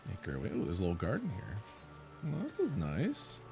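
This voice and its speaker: A man hosting a let's play, giving relaxed, casual commentary and thinking aloud with fillers. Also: deep voice, moderate pace, vocal fry, over music.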